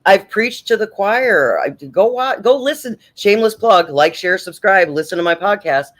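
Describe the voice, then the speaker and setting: A man with a slightly high voice hosts a late-night livestream and talks in a loose, casual way. He is blunt and preachy, swears freely and. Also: animated, normal speed, fairly bright tone. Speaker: livestream host.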